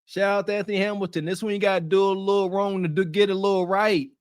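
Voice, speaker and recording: A man's voice: sits high, steady tone, quick pace, clear, resonant tone, no room sound, clean studio sound. A man co-hosting a podcast, giving blunt, slangy, preachy commentary. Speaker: podcast co-host.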